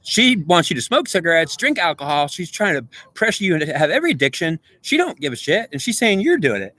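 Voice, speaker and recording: A man with a fairly high, sing-song voice and a sharp tone pleads with a goddess who isn't seen, addressing her directly. He talks fairly quickly with few pauses, and the monologue is rambling, emotional, agitated, and repetitive.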